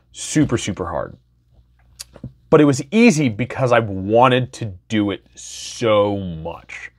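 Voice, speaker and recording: A man in his thirties from Wisconsin telling his personal story in a candid, enthusiastic, casual way. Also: lowish voice. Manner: candid, enthusiastic, loose with fillers. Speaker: podcast host.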